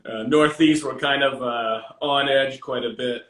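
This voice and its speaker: Man, Maine accent, middle-aged, bright, casual rambling talk, chuckles often. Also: medium pitch, fairly even intonation, measured pace. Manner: rambling, laughs often, many fillers. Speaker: guest, finisher. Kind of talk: casual chat.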